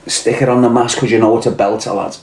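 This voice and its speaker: Scouse fella, swearing loads, cocky and blunt, roomy echoey sound. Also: male voice, on the low side, steady tone, fast talker, a little mellow, slight background noise. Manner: profane, blunt, swaggering storyteller. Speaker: livestream host reading chat. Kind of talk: crude casual chat. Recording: roomy echo.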